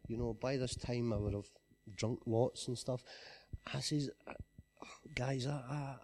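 A man with a Scottish accent giving an earnest personal testimony, often dropping to a quiet voice. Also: medium pitch.

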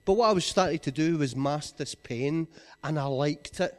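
A man with a Scottish accent giving an earnest personal testimony, often dropping to a quiet voice. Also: a little high, normal speed.

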